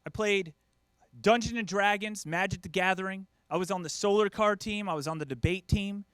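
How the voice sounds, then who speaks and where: High voiced middle-aged guy doing standup, jumpy animated delivery, dry close sound. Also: normal speed, clear, resonant tone, no room sound. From United States. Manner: animated, acts out family members in quoted voices. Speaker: stand-up comedian. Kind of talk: stand-up comedy set.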